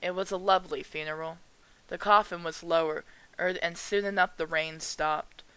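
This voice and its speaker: A woman streamer reading visual novel dialogue aloud in a calm, measured way. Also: fairly low pitch, clean tone, no room sound, poor audio.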